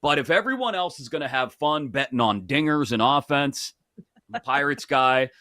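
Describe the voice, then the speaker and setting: A man's voice: mid-range voice, normal speed, no echo, clean studio sound. A man hosting a sports betting show, chatting casually and joking as he breaks down picks. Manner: chatty, joking, animated asides.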